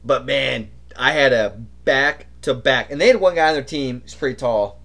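A young adult man telling stories in casual podcast chat, animated and imitating other people's voices. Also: mid-range voice, moderate pace, gravelly. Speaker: podcast co-host.

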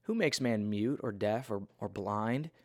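A man's voice: fairly low pitch, measured pace, darkish tone, no room sound, clean studio sound. A man voicing God as a casual, self-assured, slightly smart-alecky deity in a retold Bible story. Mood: reassuring. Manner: breezy, reassuring, a bit smart-alecky.

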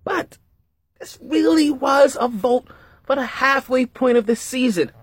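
A man hosting a casual sports podcast, talking in an animated way, repeating himself and making jokey asides. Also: very high-pitched, a little slow, slightly rough, dry recording. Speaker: podcast host.

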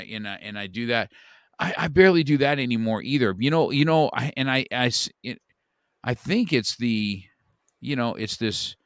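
A man's voice: mid-range voice, fairly bright tone, clear, resonant tone, no echo, studio quality. A man hosting an interview, chatting casually and rambling in a self-deprecating way with many restarts. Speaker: podcast host.

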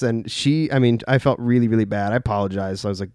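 A man's voice: lowish voice, quick pace, few pauses, a little mellow, clear, resonant tone, no room sound. Rambling young man, dry close sound. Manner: rambling, heavy use of "like", profane. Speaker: storyteller. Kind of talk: casual personal anecdote.

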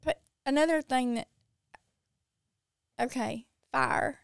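A woman's voice: high-pitched, slow, gravelly, smooth, dry recording, clean studio sound. A middle-aged woman with a Mississippi Southern accent, chatting casually as a podcast guest and laughing often. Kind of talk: casual chat.

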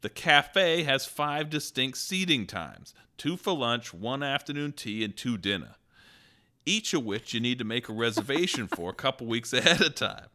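A man's voice: medium pitch, lively intonation, normal speed, bright, forceful tone. A man voicing a fussy grown man grumbling about a doll store, reading in an exaggerated mock accent. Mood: indignant.

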